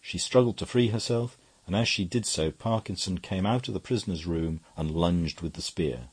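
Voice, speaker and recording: A man's voice: deep voice, normal speed, breathy edge. A man voicing a mild, plain-spoken little priest giving evidence in court. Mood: explaining. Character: mild little middle-aged male priest witness.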